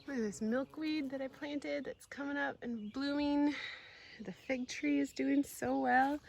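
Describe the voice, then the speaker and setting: A woman giving a casual tour of her home garden, gushing with excitement and often dropping to a soft whisper. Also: sits high, a little slow, gravelly. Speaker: homestead vlogger.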